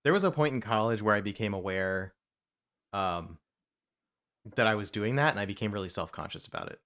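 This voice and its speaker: Low-voiced guy from new jersey rambling casually on a whiskey stream, lots of asides. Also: animated, a little fast, fairly bright tone, smooth. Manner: rambling, with many fillers and asides. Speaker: whiskey show co-host. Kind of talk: casual chat.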